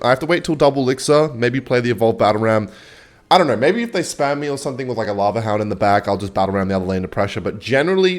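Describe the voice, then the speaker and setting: A young man giving casual, rambling gameplay commentary and swearing freely as he chats. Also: lowish voice. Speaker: gaming video host.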